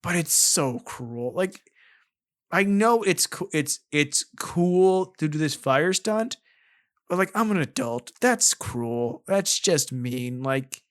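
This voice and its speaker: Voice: medium pitch, lively intonation, takes it slowly. A podcast co-host in casual film chat, talking animatedly, often laughing and slipping into mock voices.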